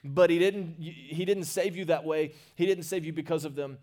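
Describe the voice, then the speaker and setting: A man preaching a sermon as pastor, animated, calling the congregation for amens and swinging between hushed asides and loud, excited bursts. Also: fairly high pitch, normal speed.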